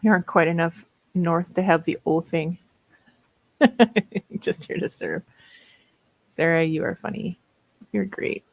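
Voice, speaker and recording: A woman's voice: lowish voice, slow pace, gravelly, long pauses, no echo, low-quality recording. A woman in her fifties with a Minnesota accent, chatting casually and laughing often while hosting writing sprints. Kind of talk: casual livestream chat.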